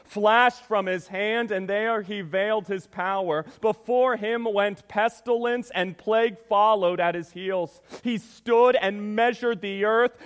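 A man's voice: sits high, a bit bright. A man preaching a sermon as pastor, reading scripture and praying, with an emphatic delivery that often calls the listeners church. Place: church sanctuary. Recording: long reverb of a church hall.

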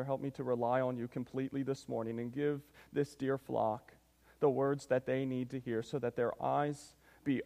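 A man's voice: mid-range voice, creaky, mellow. A man preaching a sermon as pastor, reading scripture and praying, with an emphatic delivery that often calls the listeners church. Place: church sanctuary. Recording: long reverb of a church hall.

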